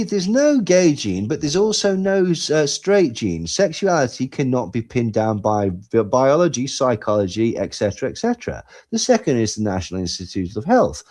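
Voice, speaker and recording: A man co-hosting a podcast, talking in animated, sarcastic commentary that swings between loud and quiet. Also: a little high. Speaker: podcast co-host. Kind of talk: casual commentary chat.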